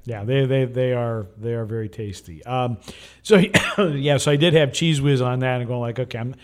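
A man's voice: medium pitch, normal speed. A man from Wisconsin co-hosting a podcast in casual chat, often stammering over restarts and chuckling. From Wisconsin, USA. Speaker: podcast co-host, TV sportscaster.

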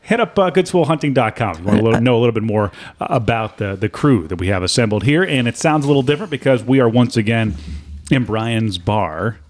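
A man's voice: mid-range voice, expressive, fast. Easygoing man hosting a beer chat. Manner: easygoing, laughing, with many fillers. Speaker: podcast host. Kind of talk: casual beer-tasting chat. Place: bar with a small live audience.

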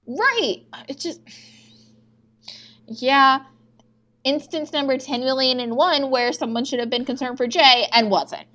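Young female podcast co-host, casual, animated, higher voice. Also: a little slow, long pauses. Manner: animated retelling with quoted dialogue and swearing. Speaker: podcast co-host recapping episodes. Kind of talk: casual chat.

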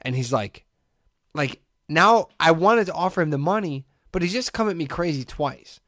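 A man's voice: on the high side, moderate pace, dry recording, studio quality. A man co-hosting a podcast, telling a long story in casual chat, acting out the voices of the people in it and laughing often. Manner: animated storyteller, acts out quotes, laughs often. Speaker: podcast co-host.

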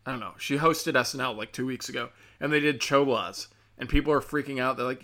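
Brief: male host, sharp bright tone, profane sarcastic rant. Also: mid-range voice, brisk. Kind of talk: ranting commentary.

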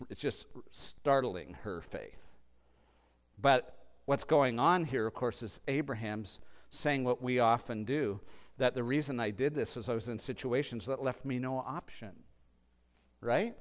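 A man preaching a sermon as pastor, swinging between loud emphatic bursts and hushed low asides. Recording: dull echoey hall.

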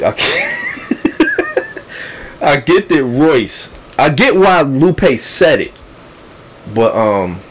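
A man's voice: lowish voice, slight background noise, rough recording. A man talking casually about a rap feud, rambling with many restarts and fillers. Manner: acts out quoted lines with a raised voice. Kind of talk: casual hip-hop discussion.

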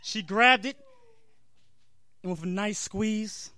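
Bright-voiced man reading a comic story slowly. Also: sits high, slight background noise. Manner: reads while laughing, breaks off for asides. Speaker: comedian.

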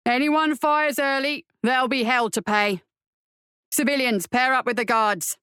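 A woman voicing a gruff male caravan master shouting orders. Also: on the high side, normal speed, dry recording, studio quality. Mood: commanding. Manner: barked orders.

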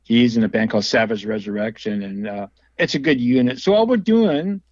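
A man's voice: medium pitch, animated, fairly quick, dry recording. Guy rambling thru band stories, laughs a lot, dry slightly dull sound. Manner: rambling, laughs often, many restarts. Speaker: guest musician and label owner. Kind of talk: casual storytelling interview.

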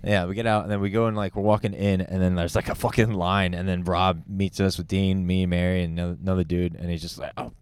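A man with a low voice tells a rambling, profane story on a casual comedy podcast. He trips over his words and restarts often, with the loose energy of friends chatting. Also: level tone, fast talker, few pauses, darkish tone, smooth. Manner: rambling storyteller, swears a lot, many restarts. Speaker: podcast co-host.

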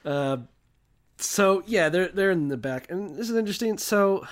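A man's voice: sits high, lively intonation, moderate pace. A man co-hosting a comedy podcast, chatting casually with irreverent swearing and reading scripture aloud. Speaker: podcast co-host.

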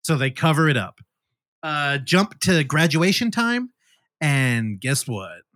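A male podcast host retells a horror film with animated, swooping delivery and a slightly high voice. He swears freely and drops into quick acted-out lines from the scenes. The sound is dry and close. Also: no room sound. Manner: animated, profane, acts out movie scenes. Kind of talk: casual movie review chat.

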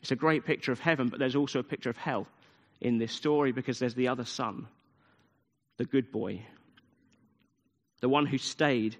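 A man's voice: mid-range voice, moderate pace, long pauses. A man preaching a sermon, retelling a story with emphatic repetition. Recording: long hall reverb.

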